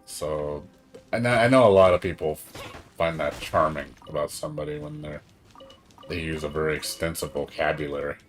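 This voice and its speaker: A man chatting casually on a live game stream, rambling and excitable, swearing often and tired from staying up all night. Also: very deep voice, normal speed, soft background music.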